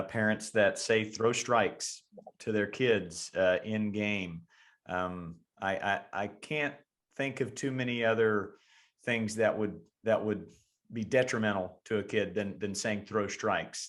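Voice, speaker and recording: A man co-hosting a podcast, speaking in a reflective, halting way in casual chat. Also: fairly low pitch, a bit bright. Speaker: podcast co-host.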